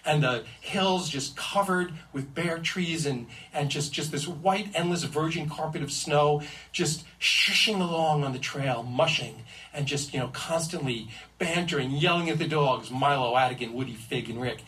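A man telling a comic first-person adventure story in an animated, suspense-building way. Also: a little high, moderate pace. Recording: distant mic with faint ambience.

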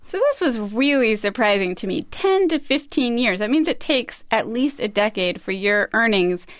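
A woman co-hosting a radio show, narrating and asking questions in a lively, curious way. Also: medium pitch, moderate pace, dry recording. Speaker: radio reporter and co-host.

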